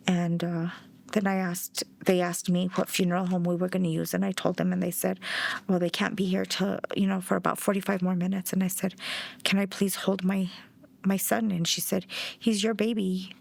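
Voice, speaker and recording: A woman's voice: on the low side, little pitch movement, normal speed, vocal fry, darkish tone. A middle-aged woman from New Mexico, a bereaved mother giving documentary interview testimony in a plainspoken way and acting out past dialogue.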